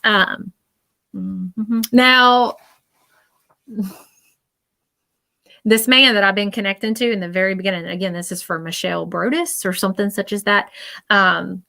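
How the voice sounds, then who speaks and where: A woman giving a live psychic reading to her viewers, with a voice of ordinary middle pitch. She wanders through her thoughts, filling the gaps with "um" and "you know." She speaks to her audience directly and in a reassuring way. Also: steady tone, normal speed, creaky, long pauses, pushed and bright. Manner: rambling, filled with "um" and "you know". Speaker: psychic medium.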